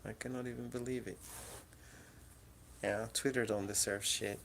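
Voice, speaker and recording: At home in her apartment, a woman casually chats with her cats, coaxing and teasing them in front of a camera in the room. Her voice is very deep and gravelly, with fairly even intonation and a normal speed, and there's slight background noise.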